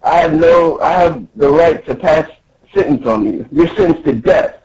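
A man's voice: a little high, moderate pace, darkish tone, slight background noise, voice pushed up, lightly acted. A man voicing a cruel, gloating male factory boss who issues threats, on a lo-fi call. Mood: menacing.

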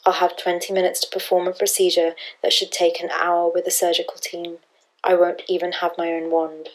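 A woman's voice: on the low side, monotone, fairly quick, natural voice, poor audio. A woman reading an audiobook, voicing a desperate, cornered young woman healer who talks in a strained, defensive way.

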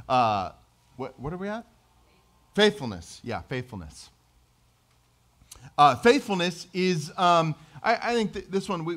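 A man's voice: medium pitch, fairly bright tone. A middle-aged man preaching a sermon as pastor, in a conversational, self-deprecating way with acted-out quotes.

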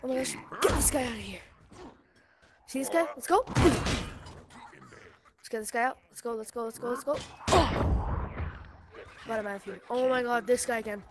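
A young woman commenting casually on her game while playing, excitable and pleading during fights. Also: on the high side, normal speed, pauses often, very noisy. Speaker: gamer. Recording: loud game sounds behind voice.

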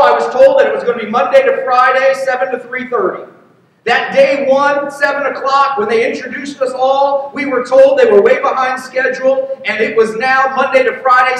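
A pastor with a very high voice tells a story from the pulpit in an earnest, personal way. He sounds distant from the mic, and his words ring through a big hall with a long trailing reverb. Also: fairly bright tone. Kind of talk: sermon. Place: church sanctuary. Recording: echoey hall from far off.

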